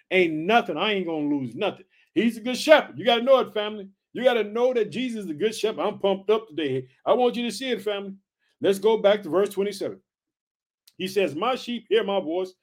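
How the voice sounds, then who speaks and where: A man preaching an energetic sermon to listeners he calls family, excitable and repeating himself as he reads scripture. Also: sits high, brisk.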